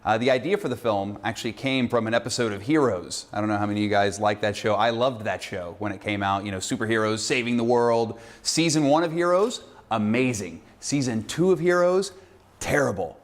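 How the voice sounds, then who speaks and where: A filmmaker sending a casual video message to introduce a screening. He tells an animated, exasperated story. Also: fairly low pitch, fast, few pauses.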